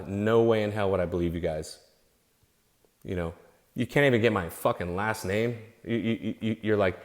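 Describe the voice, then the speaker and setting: Man, somewhat low voice, worked up, unscripted rant, profane, repetitive, restarts phrases. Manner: heated, profane, repeats himself, restarts phrases. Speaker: vlogger. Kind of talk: unscripted angry rant to camera.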